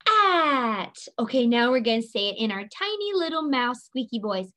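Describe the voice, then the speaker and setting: A woman's voice: on the high side, sing-song, a little fast. A woman teaching phonics to young children, patiently sounding out letters, repeating them and cheering the listener on. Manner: encouraging, playful sing-song prompts.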